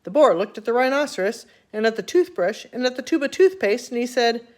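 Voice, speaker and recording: An older woman reading a children's chapter book aloud in an expressive storytelling manner. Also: on the high side, fairly quick, few pauses.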